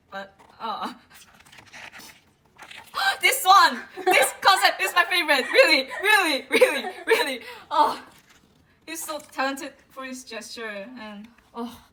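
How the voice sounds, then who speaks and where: A woman with a bright, sharp voice pitched a little high gushes her way through an album unboxing. She gasps often and speaks slowly, stretching her words out between fillers. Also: a little hiss or hum, low-quality recording. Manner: excitable, gasps often, gushing; slow, drawn-out delivery with frequent fillers. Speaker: vlogger.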